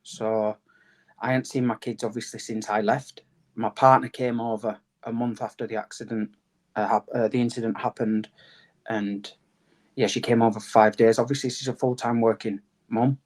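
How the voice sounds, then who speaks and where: A man, answering interview questions in a plain, steady way. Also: medium pitch, normal speed. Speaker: podcast guest.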